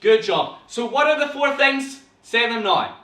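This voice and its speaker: A young man with a Northern Irish accent, teaching an online acting class to viewers in an animated, theatrical way full of gasps and sudden bursts. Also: very high-pitched, a little slow, roomy sound, recorded from a distance. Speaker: drama teacher.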